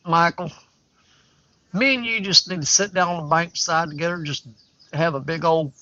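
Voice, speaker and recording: Hosting a fishing livestream from a riverbank, an older man talks casually, folksy, rambling and candid. His fairly high voice has a sharp tone, moving at normal speed with frequent pauses, captured in dull lo-fi livestream audio.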